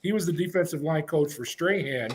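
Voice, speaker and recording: A middle-aged man guesting on a podcast tells stories casually, animatedly performing the other people's lines. His voice is a little high and a little fast, with slight background noise behind it.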